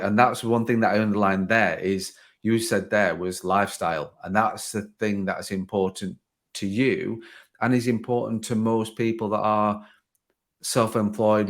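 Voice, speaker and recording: A man hosting a podcast, talking casually in long rambling sentences full of "like" and restarts. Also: fairly low pitch. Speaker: podcast host. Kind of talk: casual conversation. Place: home garden office.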